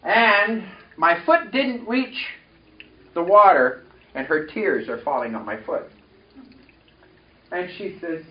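A man's voice: high voice, animated, slow, long pauses. A man preaching a sermon, telling a personal story and leading the congregation in call-and-response. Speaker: pastor. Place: church sanctuary. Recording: echoey, distant, dull church recording.

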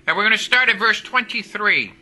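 Guy preaching a sermon, really high pitched, emphatic, keeps asking the church for answers. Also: animated, a little fast, pushed and bright, rough recording. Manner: emphatic, calls for responses from the congregation.

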